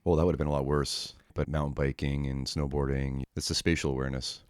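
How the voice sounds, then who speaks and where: A man hosting a podcast, asking measured, reflective interview questions. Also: a bass voice, little pitch movement, darkish tone, no echo, studio quality. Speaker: podcast host.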